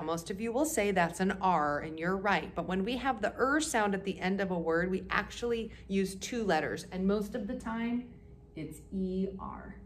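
With slight background noise, a woman with a medium-pitched voice teaches a kindergarten music class. She speaks slowly and clearly to the small children and encourages them to join in.

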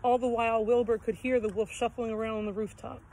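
A woman reading a children's story aloud in a gentle, expressive read-aloud manner. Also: a little high, fast, a little hiss or hum, low-quality recording.

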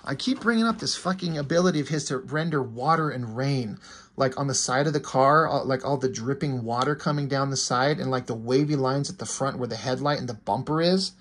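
A man's voice: mid-range voice, brisk, fairly bright tone. A man casually reviewing a comic book, enthusiastic and swearing freely, with many fillers. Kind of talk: casual comic review, reading quoted dialogue.

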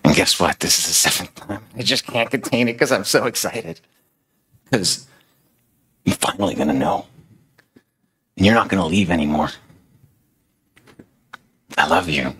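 A man's voice: low voice, moderate pace, pauses often, a bit bright, slightly rough, full character voice. A man voicing a loving, overjoyed male savior who speaks tenderly and reassuringly.

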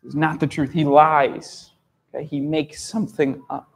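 A man teaching a story lesson to language learners, telling it in an animated way, gasping for effect and often checking that they understand. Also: fairly high pitch, measured pace, creaky, husky. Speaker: English teacher.

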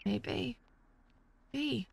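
A woman's voice: on the high side, extremely slow, gravelly, slightly rough. A woman hosting a casual let's play, chatty, jokey and exclamatory as she comments on her game. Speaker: gaming channel host.

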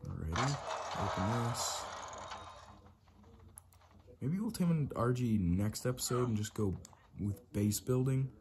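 A man's voice: medium pitch, a little slow, long pauses. An Irish man giving casual commentary on his own gameplay, muttering running instructions to himself as he builds. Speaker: let's play gamer. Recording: steady background noise with keyboard clicks.

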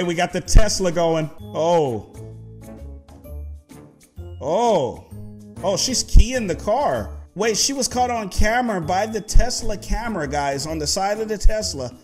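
Laughing young man reacting to clips. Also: high voice. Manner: laughs often, playful slang, addresses viewers as guys. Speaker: YouTube host reacting to clips. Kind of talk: casual reaction commentary.

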